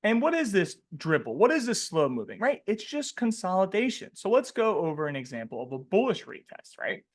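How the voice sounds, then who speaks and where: Male trading coach, webinar lesson, high pitched, very lively, slangy and jokey. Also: fairly quick. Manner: animated, asks questions and tags "right?" constantly; slangy and joking. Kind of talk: live webinar teaching.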